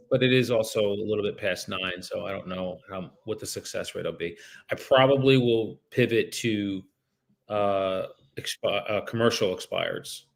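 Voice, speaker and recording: A man's voice: fairly low pitch, gravelly. A man working as a real estate broker, talking casually to viewers between calls and switching to a polite, formal voice when he is on the phone. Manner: casual, swears when frustrated. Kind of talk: livestreamed cold calling with commentary.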